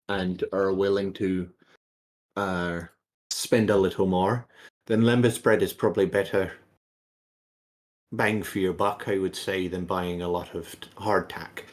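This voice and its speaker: Man putting on a small dwarf shopkeeper, fussy and polite, stammery, higher than his deep natural voice. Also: slow, pauses often. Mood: friendly salesy. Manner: hesitant, friendly, stammering shopkeeper patter. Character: short polite male dwarf baker shopkeeper.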